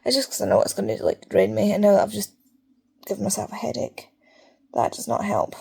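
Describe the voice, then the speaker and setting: A woman's voice: mid-range voice, sing-song, brisk, gravelly, mellow, breathy edge. A young Scottish woman talking casually in a home reading vlog, chatty and prone to swearing rants. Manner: chatty, ranting, swears freely. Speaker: book vlogger.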